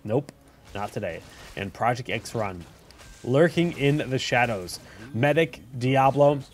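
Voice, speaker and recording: A man talking through game replays in a loose, chatty way at a middle pitch. He trips over his words and restarts often, and he jumps into excited yelps when a play goes wrong. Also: a little slow, soft background music. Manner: chatty, self-correcting, bursts into excited shouts at big plays. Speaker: host commenting on viewer-submitted game replays. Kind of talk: casual game replay commentary.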